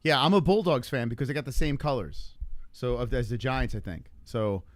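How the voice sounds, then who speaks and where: A man's voice: medium pitch, fairly quick, over a noisy crowd. A man hosting a casual fight-show podcast, bantering loosely with plenty of swearing and reading out questions from the chat. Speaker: podcast host.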